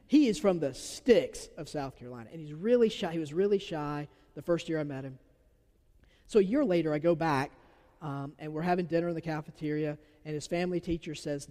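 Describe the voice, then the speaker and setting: An earnest pastor with a Southern accent delivers a sermon, his voice a little high for a man. He pushes some words out loud and drops others almost to a whisper. The room rings with a long reverb, like a large church hall. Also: fairly quick. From Georgia. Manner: earnest, swings from loud emphasis to soft near-whisper.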